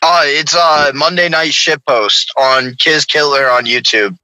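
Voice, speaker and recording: A man guesting on a podcast, talking in a laid-back, halting way. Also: a little high, steady tone, sharp tone, no echo, low-quality recording. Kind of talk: casual podcast chat.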